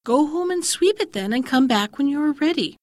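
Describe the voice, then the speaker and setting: A clever little girl teases a monster from a treetop, voiced by a woman storyteller. Her voice is high and unbothered, close and dry. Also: animated, fairly quick, darkish tone, dry recording. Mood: cheeky. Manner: cheeky, unbothered.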